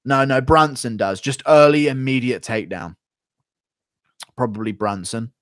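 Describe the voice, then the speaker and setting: A young man streaming live, cursing freely and flaring up into rants between donation thank-yous. His voice sits at an ordinary middle pitch and comes through dry and close, with no room sound. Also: dry recording. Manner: profane, ranting, quick to flare up. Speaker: livestream host. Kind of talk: casual livestream chat reading donations.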